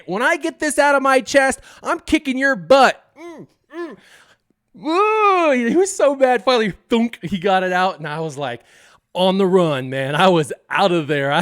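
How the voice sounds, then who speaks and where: Young male streamer, slightly high smooth voice, lively storyteller, dry close sound. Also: no echo. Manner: animated storyteller who acts out scenes and laughs often. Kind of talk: casual live-stream storytelling.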